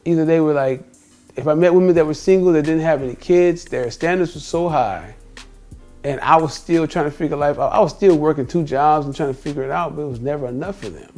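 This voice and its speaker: A man's voice: on the high side, a little mellow. Middle-aged man rambling through stories, music underneath. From United States. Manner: rambling, repeats himself, quotes people in dialogue. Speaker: vlogger. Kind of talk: casual storytelling monologue.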